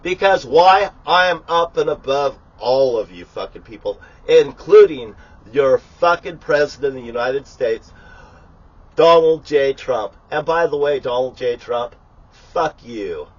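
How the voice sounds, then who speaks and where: A man's voice: mid-range voice, a little slow, breathy edge, lo-fi sound. A man talking casually in a rambling, profane, grandiose rant while cooking in his kitchen. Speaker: vlogger. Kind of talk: rambling live vlog monologue.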